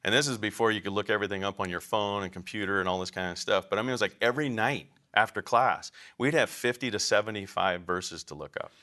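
A man's voice: fairly low pitch, quick pace, hardly any pauses, pushed and bright. A man teaching a class on biblical counseling, lecturing in an emphatic, conversational way and asking the room questions.

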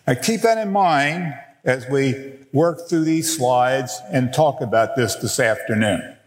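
A middle-aged man teaching a biblical counseling workshop, speaking in a slow, deliberate and emphatic way. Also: mid-range voice, expressive. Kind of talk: teaching a workshop session with slides. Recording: echoey hall, long reverb.

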